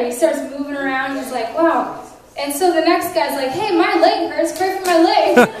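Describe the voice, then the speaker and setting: A woman with a high voice tells testimonies at a conference in animated style. She acts out quoted dialogue and laughs between lines. She is heard from a distance in a very echoey hall. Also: slight background noise. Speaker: conference speaker sharing testimonies. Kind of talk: testimony storytelling.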